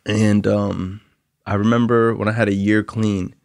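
Young male podcast host, gravelly low register, dry close recording; rambling, self-critical confessional storytelling. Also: little pitch movement, unhurried, darkish tone, dry recording. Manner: rambling, frequent "like" and "um" fillers. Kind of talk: casual storytelling monologue.

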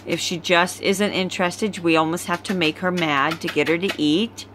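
A woman's voice: fairly low pitch, steady tone, background noise. A tired woman breeder casually presenting a litter of puppies, filmed on a phone at home. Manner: slow, easygoing, chatty. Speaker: dog breeder.

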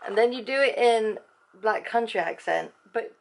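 A woman's voice: a little high, moderate pace, gravelly. A middle-aged woman from England chatting casually in her vlog, amused as she reacts to clips. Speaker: vlogger.

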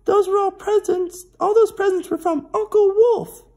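A young man doing a shrill mother hen. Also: steady tone, normal speed. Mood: excited. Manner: squealing, very high and loud. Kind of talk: reading a storybook aloud.

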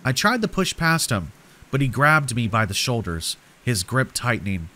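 A man narrating scripted horror stories for sleep in a steady, measured way. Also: mid-range voice.

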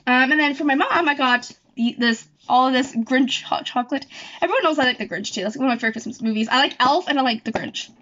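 A woman's voice: high-pitched, fast, sharp tone. A young woman chatting casually at home, rambling and correcting herself as she goes. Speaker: YouTuber. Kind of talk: casual chat. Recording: dull lo-fi recording.

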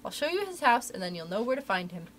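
A woman's voice: on the high side, big pitch swings, fast talker, a little hiss or hum. A woman reading aloud, voicing a chatty, folksy male cat's-meat seller who talks in a rustic way. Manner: folksy rustic talk, dropped letters. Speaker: library story reader.

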